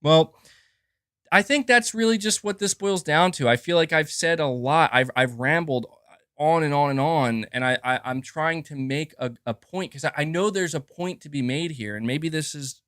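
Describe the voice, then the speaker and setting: A man live-streaming from home, his fairly high voice rambling on with real emphasis and tripping over restarts as he builds his argument. His desk mic gives a dry, close sound with no room echo. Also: moderate pace, fairly bright tone, clear, resonant tone. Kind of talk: casual livestream monologue. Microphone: desk mic with adjustable gain.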